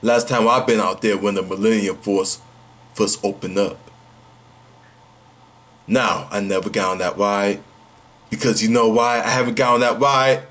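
A man's voice: on the low side, steady tone, a little slow, pauses often, a bit bright. A man talking to camera in a casual vlog, brash and slangy, repeating rhetorical questions. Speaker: vlogger.

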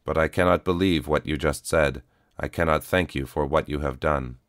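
Weary old cyborg soldier, formal and measured, very deep, dry studio sound, as a man reads him. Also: fairly even intonation, dry recording. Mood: conflicted. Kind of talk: audiobook character voice.

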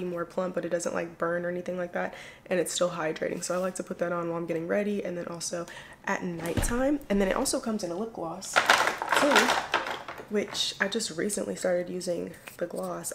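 In a fairly low voice with background noise behind her, a young woman does a casual get-ready-with-me beauty vlog, chatting to the camera in a loose, slangy way full of "like" and "y'all."

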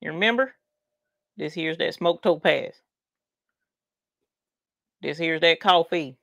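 Woman, Southern US accent, folksy livestream chatter, bright forceful tone, dry close sound. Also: low-pitched, slow pace, vocal fry, no room sound, dull audio. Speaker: livestream craft host. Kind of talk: casual livestream chat.

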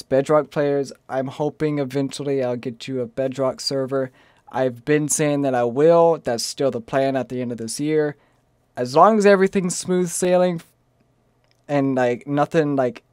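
This streamer, a young man with a slight southern accent, chats in a loose, rambling way for his gaming vlog, frequently halting mid-sentence and sometimes yelping in a shrill panic. The recording is dry.

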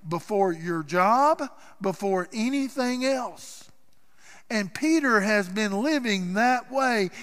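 A man preaching a sermon as pastor, telling a story dramatically and swinging from loud passages to hushed ones. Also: sits high. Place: church sanctuary. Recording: church hall with long reverb.

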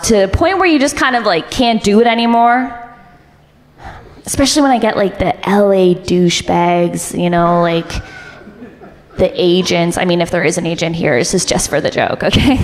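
A young woman performs stand-up on a comedy club stage in a large hall. She delivers deadpan one-liners, her pitch jumping high whenever she acts out other people.

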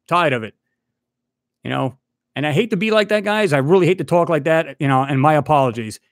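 In clean, dry studio sound, a channel host with a high-sitting voice rants at a rival, speaking to him directly. His vlog is angry, heated, and repetitive.

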